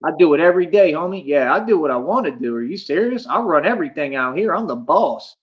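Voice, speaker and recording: A man's voice: on the high side, animated, fast, dull audio. A man livestreaming, ranting boastfully at his chat, defiant and repetitive, calling listeners homie. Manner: brash, defiant, repeats himself and calls listeners homie.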